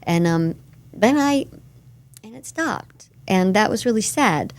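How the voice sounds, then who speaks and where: A woman voice actress being interviewed, telling animated stories from her career in a casual chat. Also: medium pitch, takes it slowly. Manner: animated storyteller, slips into character voices. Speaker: voice actress guest.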